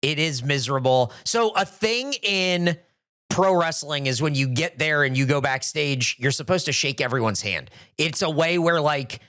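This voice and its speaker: Bright-voiced laid-back man. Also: a little high, animated, moderate pace, dry recording, studio quality. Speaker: podcast co-host, pro wrestler. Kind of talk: casual podcast chat.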